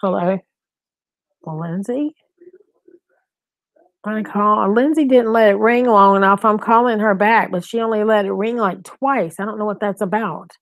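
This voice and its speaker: A woman's voice: mid-range voice, unhurried, long pauses, no room sound, rough recording. A middle-aged woman hosting a casual live-stream chat from home, talking in an anxious, rambling way and repeating herself. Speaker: host.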